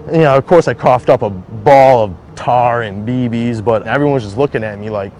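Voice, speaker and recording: Man, mid pitch, casual first-person storyteller, filler-heavy, music bed under the voice. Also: moderate pace, few pauses. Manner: conversational, heavy use of "like", acts out quoted voices. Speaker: interviewee recounting surviving a shooting. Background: background music.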